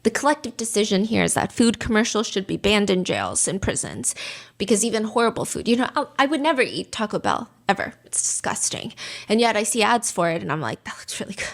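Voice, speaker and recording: A woman hosting a true-crime podcast, telling the story with expressive, dramatic asides. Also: mid-range voice, a little fast.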